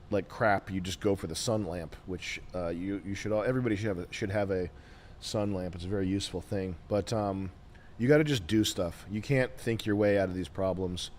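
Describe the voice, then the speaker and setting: A man's voice: on the low side, fairly even intonation, normal speed, darkish tone, a little hiss or hum. A man hosting a podcast in crude, blunt, rambling casual chat. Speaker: podcast host.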